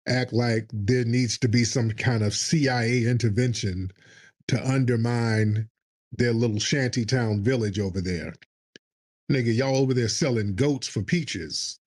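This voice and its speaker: A man's voice: mid-range voice, a little slow, darkish tone. A man hosting a call-in livestream show, talking in a combative, mocking way. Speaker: host.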